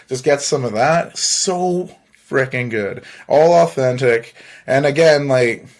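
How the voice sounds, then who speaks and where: A man with a middle-pitched voice hosts his own podcast. He tells a long personal story in a loose, rambling monologue, swearing freely and slipping in little laughs between phrases. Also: slow. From Canada. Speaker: podcast host.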